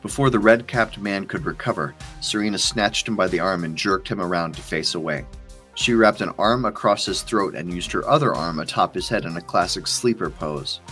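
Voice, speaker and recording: Casting: low male author-narrator, steady audiobook delivery, faint music bed. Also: normal speed.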